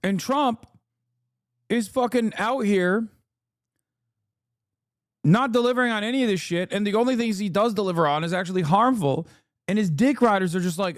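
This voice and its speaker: A man's voice: sits high, moderate pace, long pauses, no echo, clean studio sound. A man streaming casual political commentary, ranting in a profane, sarcastic, mocking way. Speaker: streamer host.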